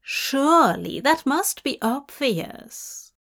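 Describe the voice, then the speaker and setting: Woman playing a male angel, bookish, fussy, earnest, declaiming love poetry, fanfiction reading, slightly raised pitch, unhurried. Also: big pitch swings, vocal fry, a bit bright, heavily acted.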